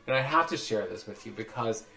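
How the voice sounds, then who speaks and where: Animated man telling stories in a roomy space. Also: on the low side, brisk, gravelly. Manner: animated storyteller, acts out quoted voices, swears freely. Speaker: podcast host. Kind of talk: casual storytelling chat. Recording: roomy echo with faint music.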